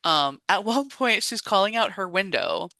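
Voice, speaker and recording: A woman's voice: medium pitch, normal speed, dry recording. A woman co-hosting a podcast in casual chat, recapping a film with acted-out quotes and frequent laughs. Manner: animated retelling with acted-out quotes. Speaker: podcast co-host.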